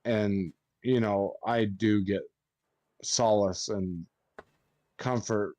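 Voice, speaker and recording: A man's voice: on the low side, steady tone, extremely slow, a little mellow, no echo, dull audio. A man who works as a funeral director, chatting on a podcast and swearing freely as he tells stories. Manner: swears a lot while telling stories. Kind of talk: casual podcast chat.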